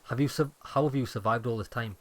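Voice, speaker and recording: A man's voice: medium pitch, quick pace, close to an everyday voice. A man voicing a middle-aged police detective who asks blunt, probing questions.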